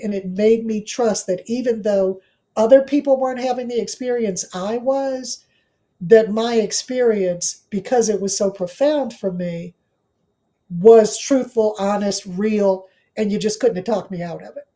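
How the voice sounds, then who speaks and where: In an interview, a middle-aged woman from Washington, D.C., a law professor and author, tells her story earnestly and emphatically, repeating phrases for weight. Her voice is mid-range and mellow.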